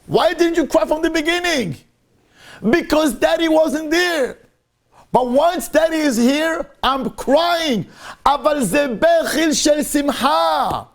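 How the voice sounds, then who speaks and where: A rabbi teaching a Torah class with a very high voice for a man and a gravelly edge. He talks emphatically, circling back and repeating himself as he drives each point home. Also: a little slow. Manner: emphatic, repetitive, mixes Hebrew into English. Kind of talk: Torah lecture.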